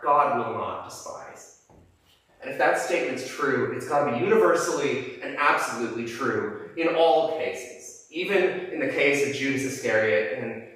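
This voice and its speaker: A man's voice: medium pitch, fairly bright tone. A man preacher giving a sermon, telling a story with frequent fillers and restarts in a church sanctuary. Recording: echoey church from a distance.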